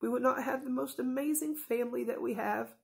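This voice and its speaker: A woman's voice: high voice, brisk, creaky. A woman in her thirties talking casually and earnestly to camera in a home vlog, rambling at times and openly emotional. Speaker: vlogger.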